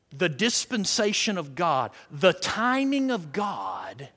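High-voiced preacher shouting and hushing. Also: male voice. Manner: dramatic swings from shouting to near-whisper. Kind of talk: sermon. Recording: long reverb of a hall.

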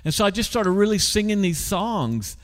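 A man's voice: high-pitched, very animated, moderate pace, in a large hall. A male pastor telling a story in a conversational sermon, often putting questions to the congregation.

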